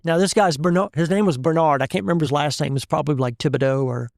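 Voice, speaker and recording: Man, chef guest, lively storyteller, laughs a lot, high voice, dry sound. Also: fast, gravelly, no echo. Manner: animated, laughs often, tells stories with voices. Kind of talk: casual storytelling chat.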